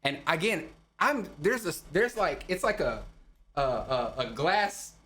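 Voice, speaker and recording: Animated profane young man telling a story. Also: fairly high pitch, a little slow. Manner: animated, profane, laughing storyteller acting out quotes. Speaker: podcast co-host. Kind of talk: casual storytelling chat.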